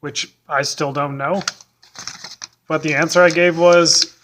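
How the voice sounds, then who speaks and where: A man's voice: fairly high pitch, unhurried, pushed and bright, a little hiss or hum. A young male teacher telling funny stories from school in a casual way, with dry, self-mocking humor. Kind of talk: casual storytelling to camera.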